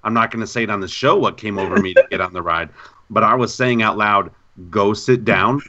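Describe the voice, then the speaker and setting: A man co-hosting a gaming podcast in casual chat, an animated storyteller who repeats himself. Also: fairly low pitch, fast talker, highs cut off, very noisy. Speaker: podcast co-host.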